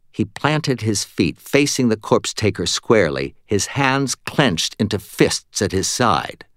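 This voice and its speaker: A man narrating a fantasy novel in the first person, with steady, even storytelling. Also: lowish voice, measured pace, few pauses, no echo, studio quality. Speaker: audiobook narrator.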